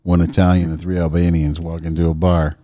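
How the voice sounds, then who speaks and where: A man's voice: deep voice, flat delivery, a little fast, warm tone, no echo, studio quality. A man co-hosting a podcast in casual chat, swearing loosely, laughing a lot and reading news stories aloud. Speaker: podcast co-host.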